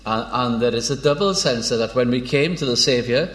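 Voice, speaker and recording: A man gives an informal sermon on scripture at a middle pitch. He speaks unhurriedly, with frequent hesitations and restarts. When he reads old biblical verses, his tone turns measured. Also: expressive, a bit bright. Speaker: preacher.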